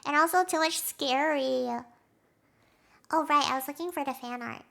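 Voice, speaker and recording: A young woman streamer chatting casually with her live audience, giggly and quick to react emotionally. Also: sits high, gravelly, sharp tone. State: has a headache.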